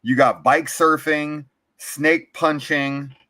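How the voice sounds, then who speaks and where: A man co-hosting a casual movie review podcast, swearing and acting out characters in quick impressions. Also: on the high side, steady tone, pushed and bright, no room sound. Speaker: podcast co-host.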